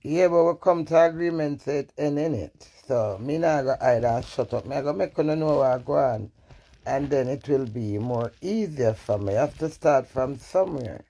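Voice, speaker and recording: A woman's voice: very deep voice, normal speed, dark tone. Jamaican woman ranting on a live stream, blunt and cussing, defiant one sec then emotional. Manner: blunt, profane, swings between defiant and emotional. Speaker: social media personality. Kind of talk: candid live-stream rant.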